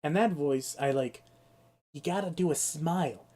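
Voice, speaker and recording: A man's voice: on the high side, normal speed, warm tone. A young man with a sore throat ranting and swearing through a casual live-stream of a game. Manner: ranting, exasperated, swears freely.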